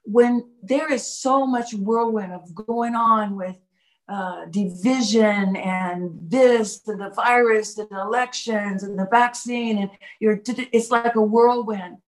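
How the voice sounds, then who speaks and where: A woman's voice: mid-range voice, takes it slowly. A woman co-hosting a faith podcast, speaking passionately and repeating key phrases for emphasis. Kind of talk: casual faith podcast discussion.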